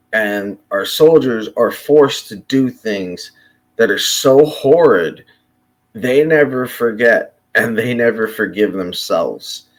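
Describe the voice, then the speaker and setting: A man from Chicago delivering an unscripted, impassioned monologue, blunt and profane, often breaking off and restarting his sentences. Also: on the low side. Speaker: commentator.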